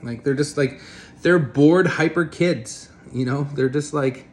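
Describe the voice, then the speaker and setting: A man's voice: medium pitch, fairly even intonation, unhurried. Rambling, blunt man ranting casually. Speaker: vlogger. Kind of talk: casual opinion rant to camera.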